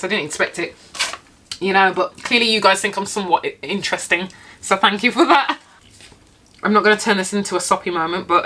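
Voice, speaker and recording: A woman's voice: mid-range voice, pushed and bright. A young British woman living in Japan, chatting casually and emphatically to her viewers while eating, with frequent laughs and swearing. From Britain. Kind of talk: casual sit-down chat to camera while eating.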